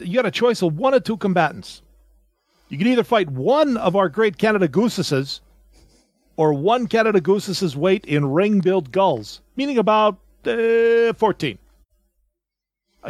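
Guy putting on a goofy north dakota accent, reading a joke horoscope, teasing, voice pitched up high. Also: no echo, clean studio sound. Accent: put-on North Dakota-style accent. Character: man doing a thick Upper Midwest accent for a horoscope.

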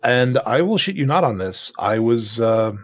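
A man co-hosts a podcast in a casual chat, telling a long, meandering story full of restarts. His voice is slightly husky and mid-pitched, and the recording is dry and close, with no room sound. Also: big pitch swings, moderate pace, dry recording. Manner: rambling storyteller, many fillers and restarts. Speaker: podcast co-host.

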